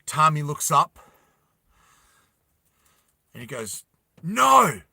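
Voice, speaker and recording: A man telling a dramatic story slowly and deliberately, with emphatic repetition. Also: mid-range voice, steady tone, pushed and bright, dry recording. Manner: slow deliberate with emphatic repeats.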